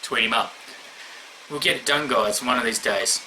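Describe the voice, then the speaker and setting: A man's voice: mid-range voice, normal speed, pushed and bright, slight background noise. A man rambling bluntly in a casual vlog, swearing constantly as he answers questions. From Australia. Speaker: YouTuber answering award questions.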